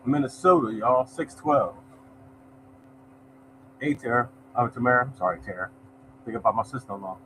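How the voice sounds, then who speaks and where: A man's voice: medium pitch, normal speed, pauses often, sharp tone, a little hiss or hum, low-quality recording. A man hosting a lottery show, chatting casually as he reads results and greets viewers by name. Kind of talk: casual live-stream chat, reading results.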